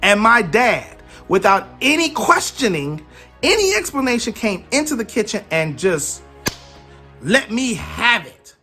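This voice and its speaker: A man's voice: high-pitched, measured pace, soft background music. A man in his forties giving an emphatic motivational talk on parenting, telling stories from his own life. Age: 40s. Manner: emphatic, animated storytelling. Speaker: parenting speaker.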